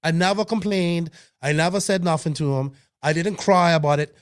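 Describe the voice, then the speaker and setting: Clear and resonant, a man's fairly high voice holds a steady tone at a moderate pace as he co-hosts a hobby podcast. Despite that steadiness, his casual talk is heated and emphatic, riddled with profanity and restarts.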